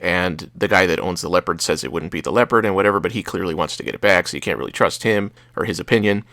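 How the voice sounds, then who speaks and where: A man's voice: sits low, quick pace, a bit bright, no echo. A young man co-hosting a casual movie chat, rambling and hesitant, with many restarts. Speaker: podcast co-host.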